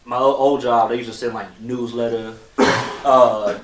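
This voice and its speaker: A man's voice: medium pitch, steady tone, unhurried. Guy joking on a podcast, kinda far from the mic, room echo. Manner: joking banter with acted-out quotes. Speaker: podcast co-host. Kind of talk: casual chat. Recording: echoey room mic set back.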